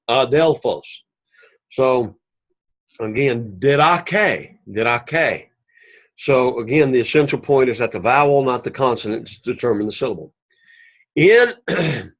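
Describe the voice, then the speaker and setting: A man teaching a Greek class, explaining slowly and patiently and repeating key words for emphasis. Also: medium pitch, muffled recording. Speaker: Greek instructor. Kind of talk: recorded class lecture.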